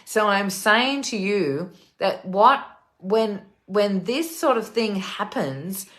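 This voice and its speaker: A woman hosting a casual talk, telling a personal story in a chatty, animated way with many fillers. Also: mid-range voice, takes it slowly. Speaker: host.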